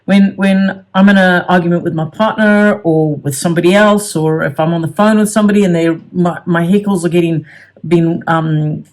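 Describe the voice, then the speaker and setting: A man's voice: high-pitched, steady tone, normal speed. A middle-aged man teaching a self-help method in an earnest, casual way, often repeating words and restarting sentences.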